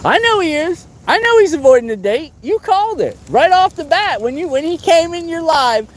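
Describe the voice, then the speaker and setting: A man hosting a live fishing stream, chatting casually and excitably, teasing friends and whooping. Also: extremely high pitch, moderate pace, a little hiss or hum. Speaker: fishing livestream host.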